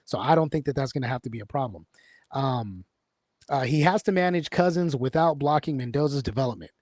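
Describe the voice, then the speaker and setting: A man's voice: mid-range voice, animated, fairly quick, darkish tone, no echo, studio quality. Rambling man talking sports. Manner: rambling, many fillers and restarts. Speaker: podcast host. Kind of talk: casual sports talk.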